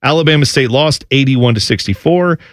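A man from New Jersey hosting a casual talk show, telling stories with lively imitations and reading sports news. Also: mid-range voice, a little fast, no room sound, studio quality. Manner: animated storytelling, imitates relatives. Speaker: podcast host. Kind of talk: casual chat and news rundown.

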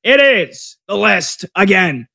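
A man hosting a sports radio show, chatting casually in a self-deprecating way with quick asides. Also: sits high, sing-song, creaky, very noisy.

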